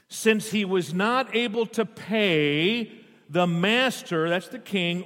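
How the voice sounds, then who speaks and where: A man's voice: a little high, fairly bright tone. A man preaching a sermon. He reads scripture aloud, stops often to explain it and puts questions to the congregation. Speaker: pastor. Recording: long hall reverb.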